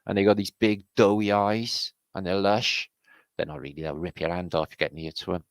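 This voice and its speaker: Deep, gravelly British man rambling excitedly. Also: a little fast, no echo. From Britain. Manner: rambling, excitable, swears freely. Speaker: host. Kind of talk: casual commentary on pictures.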